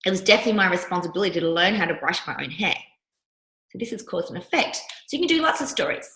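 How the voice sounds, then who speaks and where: A woman coach teaching a workshop, telling personal stories and acting out the voices she quotes. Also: medium pitch. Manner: animated storyteller who acts out the voices she quotes. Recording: roomy echo.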